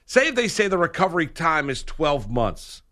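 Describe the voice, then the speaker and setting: A man's voice: a little high, sing-song, normal speed, sharp tone. A man hosting a sports radio show, talking casually and rambling, correcting himself as he goes. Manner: rambling, self-correcting, laughs often.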